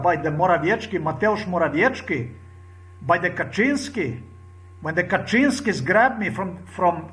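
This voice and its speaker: A man's voice: sits high, fairly bright tone. A man delivering an angry, repetitive monologue to camera, full of heated crude outbursts. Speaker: vlogger.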